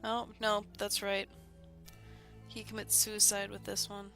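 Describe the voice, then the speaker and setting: A woman's voice: medium pitch, completely flat delivery, a little slow, bright, forceful tone, soft background music. A congested woman hosting a gaming video, chatting casually and reading the game's text aloud in a rambling way. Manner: chatty and rambling, with small laughs.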